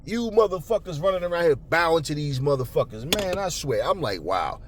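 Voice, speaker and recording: A man hosting a boxing talk channel, ranting angrily and profanely at commenters, stumbling over repeated words when worked up, then cooling into calmer talk. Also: brisk, crowd noise. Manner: calmer and lower later on. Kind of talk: angry unscripted rant to camera.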